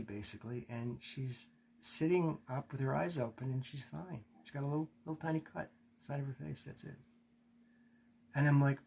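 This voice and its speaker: A man teaching a class, telling a personal story candidly, swearing and acting out what he said back then. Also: mid-range voice. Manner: candid, swearing, acts out his own quotes. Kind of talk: storytelling in a lecture.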